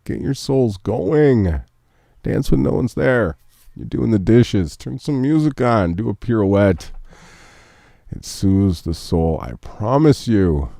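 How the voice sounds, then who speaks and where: Man, morning show host, earnest, emotional, dry close sound, warm dark tone. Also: on the low side, expressive, takes it slowly, vocal fry, no room sound. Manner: earnest and emotional, speaks of faith. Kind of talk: casual live-stream chat reading memes.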